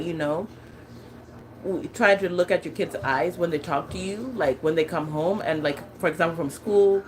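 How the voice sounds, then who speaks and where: The recording is rough, with slight background noise, as a lowish-voiced woman in her thirties chats casually. She's a lifestyle vlogger from California who laughs often and restarts and fills her sentences frequently.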